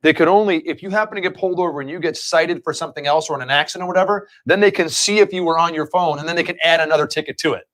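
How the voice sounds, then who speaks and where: A man's voice: on the high side, racing, few pauses, fairly bright tone. A man hosting a casual live stream, telling long rambling anecdotes between chat with his co-host. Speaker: livestream show host.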